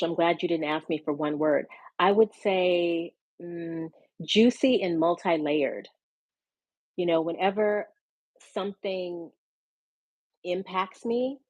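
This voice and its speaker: A woman speaking as a podcast guest, telling her story in a reflective, unhurried way over a video call. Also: on the low side, a little mellow, no echo, highs cut off. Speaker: podcast guest and hypnosis practitioner. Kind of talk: casual conversational interview.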